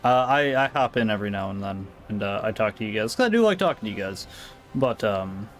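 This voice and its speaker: A man's voice: lowish voice, animated, a little fast. American man, game streamer, rambling casual chat, faint music underneath. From United States. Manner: rambling, reacting to chat with asides. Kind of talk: casual live-stream chat while gaming.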